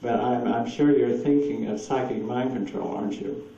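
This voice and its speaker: A man's voice: medium pitch, steady tone, normal speed, dark tone. Guy rambling through anecdotes at a talk, laughs a lot, far off mic in a big echoey room. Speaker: speaker answering audience questions. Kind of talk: lecture with audience Q&A. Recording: distant echoey room, dull lo-fi with hiss.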